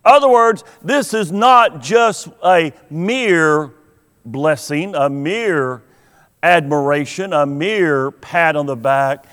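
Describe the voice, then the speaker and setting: A man's voice: on the high side, lively intonation, takes it slowly, a bit bright. A man preaching a sermon as pastor, earnest and emphatic, stretching out key words. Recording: long hall reverb.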